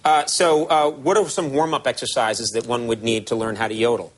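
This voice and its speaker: A man's voice: medium pitch, fairly even intonation, brisk, low-quality recording. A man hosting a late-night talk show interview, making dry joking asides to his guest in front of a studio audience.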